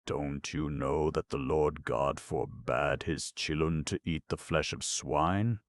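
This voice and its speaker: A man voicing a half-mad old male tramp who preaches in a sing-song voice, mumbling and then shouting. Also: a bass voice, very animated, measured pace, gravelly, no room sound, heavily acted. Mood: preaching.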